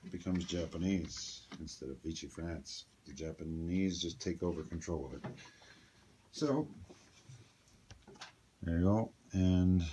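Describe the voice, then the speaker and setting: A man's voice: sits low, a little mellow, slight background noise. A man casually talking through a board game turn, thinking aloud with chatty asides. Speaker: board game player explaining a solo playthrough. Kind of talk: casual tabletop game walkthrough.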